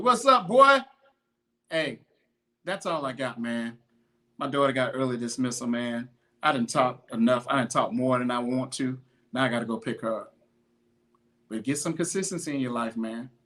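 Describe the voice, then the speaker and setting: A man's voice: mid-range voice, moderate pace, a bit bright. A man hosting a podcast, giving an emphatic motivational talk on consistency in a slangy, repetitive, preachy way. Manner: greets viewers by name mid-talk. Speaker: podcast host, fitness motivator. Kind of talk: motivational monologue.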